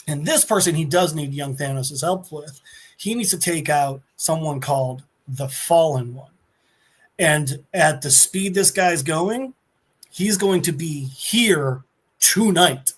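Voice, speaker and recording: A man co-hosting a podcast, animatedly recapping a comic book in a casual way, often slipping into character voices. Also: fairly high pitch. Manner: animated storyteller, slips into voices. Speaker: podcast co-host.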